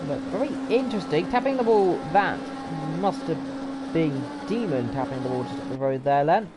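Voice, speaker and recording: A man's voice: on the high side, animated, normal speed, over loud music. A man giving live sim racing commentary in a chatty way, often unsure and correcting himself mid-call. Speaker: race commentator. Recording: game engine noise loud behind voice. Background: racing game car engines.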